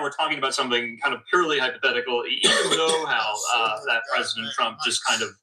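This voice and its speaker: A man anchoring a TV news discussion, measured and hesitant with fillers. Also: mid-range voice, bright, forceful tone, recorded from a distance, low-quality recording.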